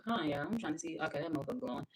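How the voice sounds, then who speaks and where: Brash woman tarot reader, lower voice, cussing and laughing through a live reading. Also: rapid-fire, a little hiss or hum, low-quality recording. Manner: brash, profane, animated, laughing.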